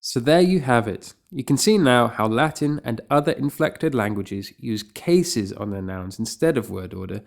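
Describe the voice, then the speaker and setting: A man tutoring Latin grammar in a mid-pitched voice. He explains patiently and clearly, and his enthusiasm shows through light, playful remarks. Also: animated, normal speed, few pauses. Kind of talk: scripted grammar lesson.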